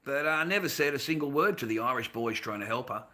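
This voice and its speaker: An Australian man livestreaming, greeting chat and ranting in a rambling, heavily profane way, swinging between low mutters and loud outbursts. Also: lively intonation, quick pace. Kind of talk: casual ranting monologue.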